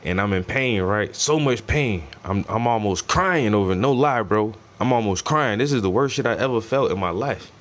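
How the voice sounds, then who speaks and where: A man telling a story in casual, profane slang while he paints, his delivery animated and loose. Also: fairly low pitch, normal speed, hardly any pauses. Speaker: painting stream host.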